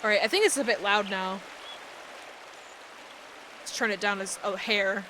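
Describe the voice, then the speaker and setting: A woman's voice: medium pitch, normal speed, noisy background. A young woman streaming a game live, reading its text aloud and reacting with gasps, shrieks and lots of swearing.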